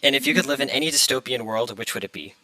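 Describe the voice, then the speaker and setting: Bright-voiced young man hosting a podcast. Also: mid-range voice, racing, dry recording, poor audio. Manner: hesitant, many fillers, flustered by tech trouble. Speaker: podcast host. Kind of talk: casual livestream podcast.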